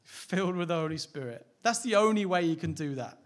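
A pastor preaching with a slightly higher-than-average voice. He talks in a candid, conversational way, often asks his listeners questions and laughs lightly. It is a relaxed sermon, not a formal address. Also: fairly quick.

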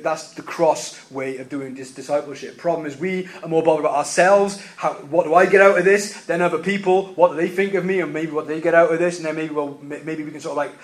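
Preaching with emphasis, this man returns again and again to key phrases while his delivery rises loud and drops soft. His pitch is slightly high.

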